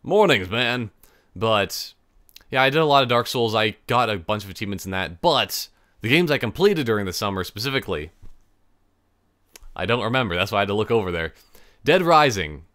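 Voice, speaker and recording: A man's voice: lowish voice, lively intonation, a little fast, pauses often, fairly bright tone, no room sound, studio quality. Young man rambling on a solo podcast. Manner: rambling, self-interrupting, laughs at own jokes. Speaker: podcast host. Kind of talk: casual solo podcast chat.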